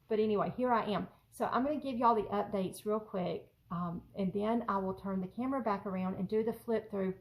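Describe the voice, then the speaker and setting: A woman talks to her camera from her craft room at home. She rambles, laughs often and fills her pauses with little ums, in a casual, chatty way. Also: mid-range voice, poor audio. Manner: rambling and giggly, many fillers. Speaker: journaling vlogger.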